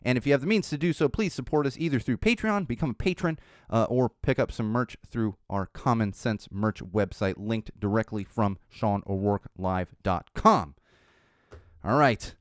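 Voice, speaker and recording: A man hosting a podcast goes on a blunt, heated political rant packed with swearing, then wraps up the episode. He speaks at medium pitch and moderate pace, and the studio-quality recording is dry.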